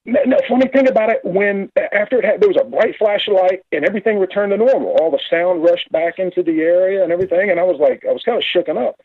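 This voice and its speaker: A man calling in to a radio talk show, telling his story in a rambling, halting, excited way. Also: high voice, slightly rough, dry recording. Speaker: caller. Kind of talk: casual phone-in story. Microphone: phone. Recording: tinny phone line.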